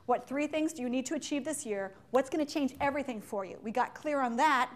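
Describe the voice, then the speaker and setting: A woman giving a live business talk to an audience in an animated, joking way, firing questions at the listeners. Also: high voice, a little fast. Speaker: leadership speaker.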